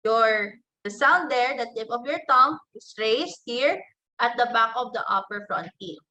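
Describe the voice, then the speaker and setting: A woman teacher giving an online class lecture, slowly explaining and spelling out example words one at a time, with frequent fillers and restarts. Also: on the high side, expressive, sharp tone, slight background noise, rough recording. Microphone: computer microphone in an online class.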